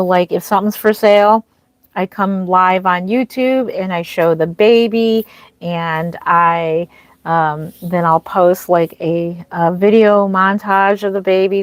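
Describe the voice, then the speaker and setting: A woman's voice: mid-range voice, dry recording. A woman streaming live as a reborn doll artist, chatting casually, greeting viewers and answering their comments with frequent ums and restarts.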